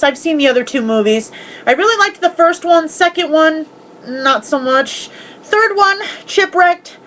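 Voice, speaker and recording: A woman's voice: high voice, fairly bright tone, slight background noise, low-quality recording. A woman chatting casually in a home vlog, recapping movies, swearing freely and acting out the characters' lines. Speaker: vlogger.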